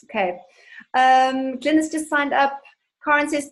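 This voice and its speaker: A woman's voice: sits high, fairly even intonation, measured pace, low-quality recording. A woman money coach hosting a live webinar, answering viewer questions with enthusiastic, chatty storytelling.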